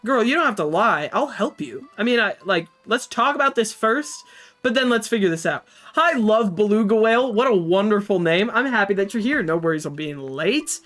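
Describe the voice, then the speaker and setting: A woman streamer playing through a story game, breaking off into excitable, chatty remarks to her viewers. Her voice has a middling pitch, and faint music plays underneath. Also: normal speed. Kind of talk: reading a story game aloud to chat.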